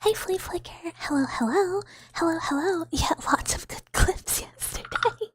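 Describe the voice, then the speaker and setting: High, slow-spoken woman hosting a live ASMR stream; playful, giggly, dipping into whispers. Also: no echo. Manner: giggly and playful, slipping between soft speech and whispers.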